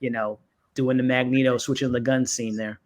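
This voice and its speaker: A man's voice: mid-range voice, little pitch movement, moderate pace. Man hosting a casual fan podcast. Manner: leads the talk, passes questions to co-hosts. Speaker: podcast host. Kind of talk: casual pop-culture discussion.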